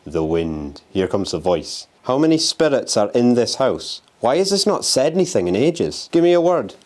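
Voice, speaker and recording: A man's voice: lowish voice, very animated, moderate pace. A young man vlogging as he explores an abandoned house, talking restlessly and swearing while he taunts the spirits. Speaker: urban explorer and ghost hunter. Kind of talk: handheld exploring vlog. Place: abandoned house on a windy day.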